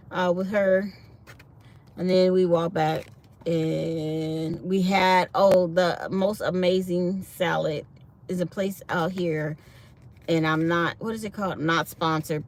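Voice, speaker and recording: Chatty woman with a gravelly voice. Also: on the low side, a little hiss or hum. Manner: chatty, animated storytelling. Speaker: vlogger. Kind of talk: casual morning chat.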